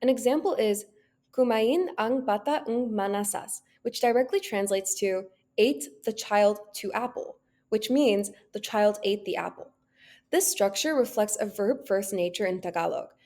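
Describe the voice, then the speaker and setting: Mellow young woman reading a presentation. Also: medium pitch. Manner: steady, read-aloud delivery. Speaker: student presenter. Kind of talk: class presentation.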